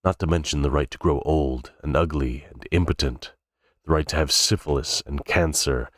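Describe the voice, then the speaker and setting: In a cold-read audiobook narration, a male reader with a very deep voice reads a novel aloud at normal speed without rehearsal, now and then stumbling and restarting words. The recording is dry and of studio quality.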